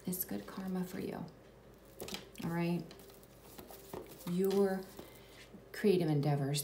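Woman, tarot reading, soft reassuring delivery, slips into whispers, gravelly fry, echoey room. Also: on the low side, slow pace, pauses often. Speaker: tarot reader. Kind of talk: spiritual tarot reading to viewers. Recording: echoey room, distant mic, background noise.

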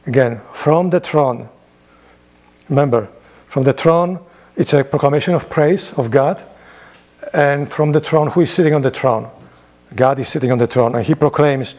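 A priest leading a Bible study in a church, reading scripture aloud in a lifted voice and then explaining it in plain, conversational asides with rhetorical questions. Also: male voice, medium pitch, moderate pace, a little mellow.

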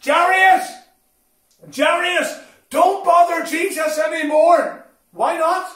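A man playing a frantic messenger in a Bible story, shouting urgent bad news. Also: extremely high pitch, steady tone, slow pace, voice pushed up. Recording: echoey hall from far off.

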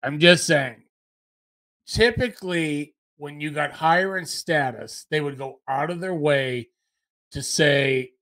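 A man talks over a video call on a live show, griping in a steady, insistent way. His voice is bright and a little tense, pitched slightly high. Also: takes it slowly. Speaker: podcast co-host. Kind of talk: casual live-stream chat. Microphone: video call mic.

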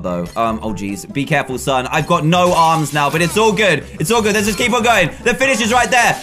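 A man commentates on gameplay in a high voice, talking excitably, laughing often and bursting into sudden shouts. Faint game music plays behind him. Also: moderate pace. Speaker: gaming commentator.

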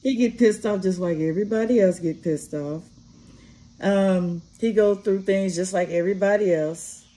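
A woman's voice: medium pitch, moderate pace. A woman vlogger who drives a party bus, giving casual commentary full of swearing and laughter, imitating gunfire as she talks. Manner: animated, swears a lot, laughs often, mimics gunfire. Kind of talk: casual profane commentary on a news story. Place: sitting and resting after work.

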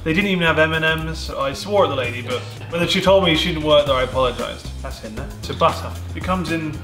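Deadpan jokey man in an echoey kitchen. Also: a little high, fast. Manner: deadpan, rambling jokey commentary. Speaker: vlogger baking cookies. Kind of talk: casual cooking vlog chat. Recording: echoey kitchen with music bed.

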